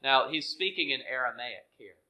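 A man preaching a sermon, earnest and measured, dropping to soft, hushed phrases for emphasis. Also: medium pitch, lively intonation, rough recording. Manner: slow, earnest, with dramatic soft drops.

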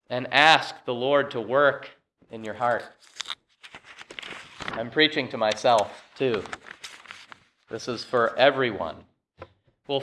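Male pastor delivering a sermon, earnest and emphatic, with a bright, forceful voice set a little high. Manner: earnest, emphatic preaching that swings between loud and hushed.

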